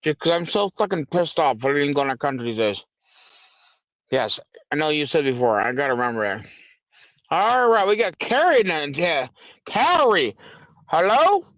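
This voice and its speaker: An irritated man hosting a live stream, ranting and swearing with a fairly high voice. The sound is dry and dull, like low-grade stream audio. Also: sing-song, normal speed, fairly bright tone, dry recording. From United States. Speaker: livestream host. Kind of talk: angry political rant and call-in chat.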